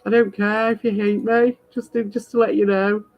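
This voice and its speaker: A woman's mid-range, darkish voice barely shifts in pitch and moves at a moderate pace in a dry recording. Rambling live to her viewers, the stream host is blunt, confrontational, and swears a lot, with dull lo-fi sound and faint music.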